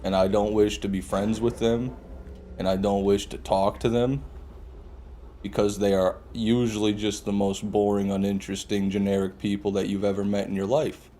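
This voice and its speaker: A man's voice: fairly low pitch, level tone, normal speed, mellow, a little hiss or hum. A young man streaming a game, ranting sarcastically and swearing as he answers chat. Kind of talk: casual live-stream commentary.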